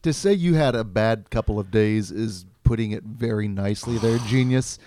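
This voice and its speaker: A man co-hosting a podcast, chatting calmly and supportively while steering the talk. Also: on the low side, normal speed, a little hiss or hum. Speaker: podcast co-host. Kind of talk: casual chat.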